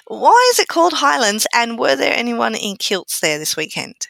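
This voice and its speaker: A woman co-hosting a podcast, chatting in a relaxed, teasing way. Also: a little high, moderate pace, creaky, no echo. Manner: relaxed, teasing, laughs easily. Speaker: podcast co-host. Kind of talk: casual chat.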